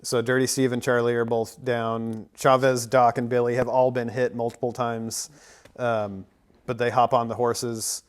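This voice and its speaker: A man's voice: medium pitch, level tone, moderate pace, smooth. Chatty man in his thirties, lots of ums. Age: 30s. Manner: rambling, many fillers and likes. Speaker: podcast co-host. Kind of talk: casual movie recap chat.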